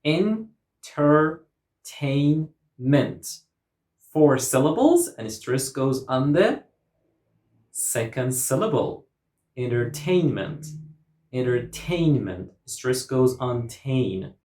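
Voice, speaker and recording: A woman's voice: rumbling low, big pitch swings, takes it slowly, warm tone. A woman teaching English pronunciation, saying each word several times and drawing out its syllables. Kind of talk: slow, careful teaching with repeated model words. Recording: roomy echo.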